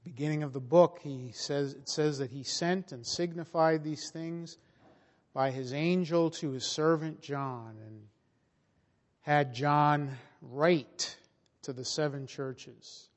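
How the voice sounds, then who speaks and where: A man preaching a sermon slowly and emphatically, his voice rising and swelling in volume for emphasis. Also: a little high, steady tone. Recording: long reverb of a large hall.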